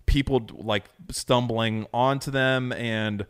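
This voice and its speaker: A man's voice: medium pitch, slow pace, few pauses, clear, resonant tone. A man co-hosting a casual podcast chat, talking enthusiastically and rambling with lots of fillers. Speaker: podcast co-host.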